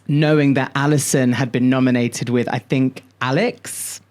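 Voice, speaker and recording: A male podcast co-host telling stories in casual chat, animated, drawing out words and swearing freely. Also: medium pitch, normal speed.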